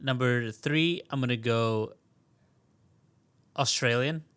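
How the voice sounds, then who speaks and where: Laid-back man with a bright, forceful voice. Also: mid-range voice, clear, resonant tone, no room sound. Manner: laid-back, deliberate, few words. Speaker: podcast co-host. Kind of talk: casual podcast banter.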